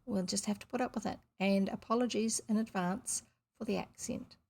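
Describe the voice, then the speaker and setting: New woman, casual read-aloud of a children's book, chatty asides, mid pitch. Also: fairly even intonation, moderate pace, creaky, darkish tone. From New Zealand. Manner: chatty, self-deprecating asides between passages. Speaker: audiobook reader on video. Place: seated indoors reading at camera.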